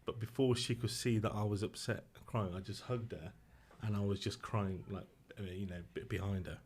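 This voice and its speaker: A middle-aged man speaks low and subdued. He tells a personal story haltingly and emotionally, breaking off and restarting his sentences. He is a guest on a podcast. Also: fairly even intonation, darkish tone, slight background noise.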